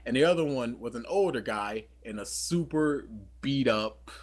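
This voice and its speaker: A man's voice: mid-range voice, animated, moderate pace. A man co-hosting a podcast, chatting casually and telling a rambling story full of fillers and self-corrections. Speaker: podcast co-host.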